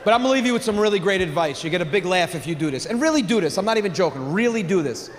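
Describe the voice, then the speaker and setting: A stand-up comedian with a high, bright-edged voice works a big room, animated and loud on his punchlines. His voice rings with a long hall reverb, and crowd noise sits clearly behind him. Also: racing. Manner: animated, shouts punchlines, acts out family members. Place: large theater stage with audience.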